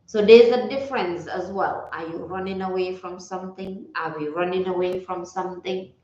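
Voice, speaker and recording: A woman's voice: lowish voice, normal speed, a little mellow, slight background noise. A woman wellness coach giving a casual motivational talk, reflective and repeating her key phrases. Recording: roomy, slightly dull recording.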